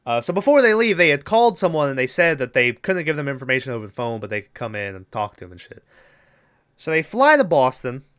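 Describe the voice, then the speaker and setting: A man is recapping a horror movie on a podcast in a loose, profane way. He acts out the characters' lines as he goes. His voice is bright and crisp, with a clean, resonant tone. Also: medium pitch, sing-song, quick pace. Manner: rambling, swears freely, acts out characters' lines. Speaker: podcast co-host. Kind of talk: casual movie recap chat.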